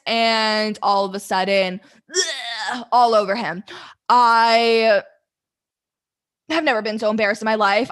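A woman's voice: medium pitch, a bit bright. A young woman telling a candid, rambling story to the camera, flustered and close to tears, swearing freely.

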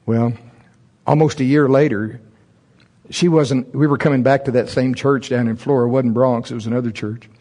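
A man preaching to a church congregation, mixing scripture with a funny personal story. His delivery is animated, with laughter breaking in, and his voice leaps high and loud at the excited moments. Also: normal speed. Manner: humorous, laughs through his own stories. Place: church service before a congregation.

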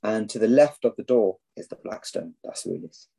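A man from England telling a long personal story as a podcast guest, animated and acting out what others said. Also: on the low side, brisk, gravelly, breathy edge, poor audio. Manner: animated storyteller, acts out quoted speech. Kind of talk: storytelling in a casual interview.

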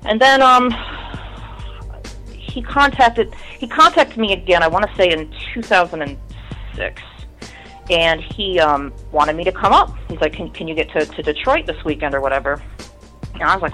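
A woman's voice: fairly low pitch, lively intonation, fairly quick, a bit bright, faint music behind, low-quality recording. A woman in her thirties, a guest in an interview, telling her story in a candid, rambling way and swearing often.

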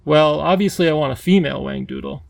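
A man voicing a lonely, eager male creature king, the Wangdoodle, who lisps and talks excitably. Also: on the high side, fast, creaky. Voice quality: lisping. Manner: excitable, bouncy, pleading.

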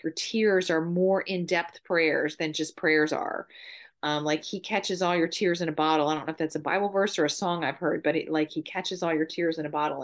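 A woman's voice: on the low side, fairly bright tone. A middle-aged woman, a guest on a podcast, telling heartfelt stories in earnest. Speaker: guest, mother. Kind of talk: casual conversation.

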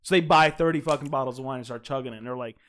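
A man's voice: mid-range voice, rapid-fire. A man co-hosting a casual podcast in an apartment, telling profane stories with lots of laughter. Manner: profane, animated storyteller, laughs often. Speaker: podcast co-host. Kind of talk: casual drunk podcast chat.

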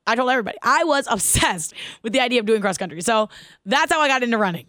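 A woman in her thirties hosting her own podcast, telling a personal story in an animated, casual way, laughing as she goes and asking listeners questions. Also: on the high side, quick pace, no echo, clean studio sound. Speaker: podcast host.

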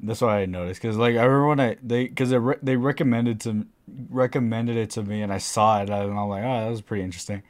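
A man on a podcast in casual chat, relaxed and retelling his own reactions as he goes. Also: mid-range voice, fast.

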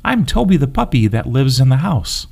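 A man's voice: medium pitch, big pitch swings, moderate pace, gravelly, slightly rough, full character voice. Man doing an eager friendly storybook puppy, slightly raised, bouncy. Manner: warm, eager, gentle. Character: friendly excitable young puppy, boy.

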